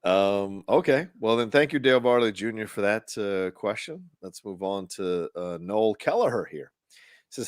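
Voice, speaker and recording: A man with a fairly low voice chats casually as a podcast co-host. He talks loosely, drops a curse here and there and trails off into fillers as he thinks. The sound is dry and close to the mic. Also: lively intonation, moderate pace, no echo. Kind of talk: casual chat.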